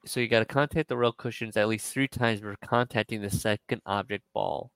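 A man co-hosting a casual podcast, retelling a story in a rambling way, full of fillers and quick quoted asides. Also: fairly low pitch, fairly even intonation, creaky, a bit bright, clear, resonant tone, dry recording, rough recording. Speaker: podcast co-host.

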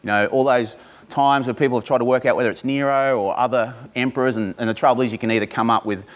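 A male pastor with a medium-pitched, steady voice reads scripture slowly and deliberately. He then slips into informal asides to his congregation.

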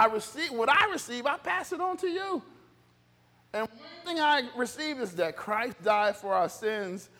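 A man with a scratchy voice, very high and a bit bright, preaches as pastor and calls on the congregation to respond. He's recorded in a reverberant church hall.

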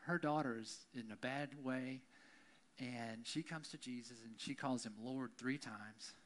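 A man's voice: mid-range voice, unhurried, fairly bright tone. A male pastor preaching a conversational sermon, often checking in with the congregation. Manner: conversational, keeps asking "right?".

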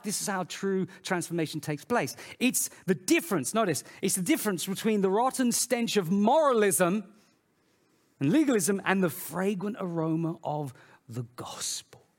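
A man preaching a sermon in an animated way, swinging between loud, emphatic phrases and quiet, low asides. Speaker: pastor.

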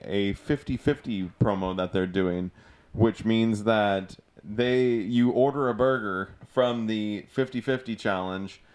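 A man with a fairly low voice bantering on a relaxed podcast, quick to laugh. When he reads out a news item he stumbles and restarts as he goes. He keeps it easygoing throughout. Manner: laughs easily, reads news items aloud with halting restarts. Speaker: podcast co-host. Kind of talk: casual chat.

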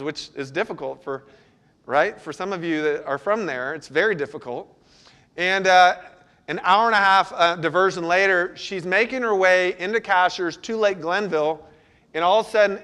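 High-voiced man preaching a sermon. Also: a bit bright. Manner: conversational, asks the congregation questions. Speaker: pastor. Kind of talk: sermon with personal story.

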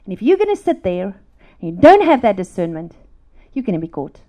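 A woman's voice: medium pitch, big pitch swings, a little fast, dark tone. A middle-aged woman, preaching a sermon through emotional personal stories.

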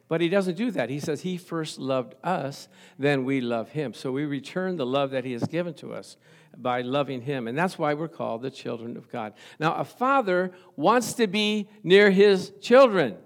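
A man's voice: fairly high pitch, lively intonation, moderate pace. A middle-aged male pastor preaching a sermon, stressing points by repeating phrases and chuckling at his own stories.

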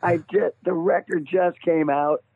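A man, a singer being interviewed, telling an animated story and laughing at himself. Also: sits high, unhurried, dry recording. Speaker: guest singer. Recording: tinny phone line.

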